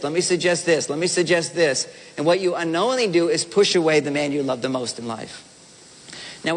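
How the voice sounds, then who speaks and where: A man with a fairly high voice addresses a live audience in a big hall, his words trailing into a long reverb. He talks in an animated, playful way, slipping into the voices of husbands and wives to make his point. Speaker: relationship speaker. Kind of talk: seminar talk to a live audience.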